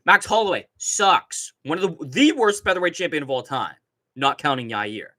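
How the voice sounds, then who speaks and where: A young man hosting a casual livestream reads chat and launches into profane, meandering rants full of laughter. His fairly high voice is expressive and sharp, moving at normal speed, and the recording is dry.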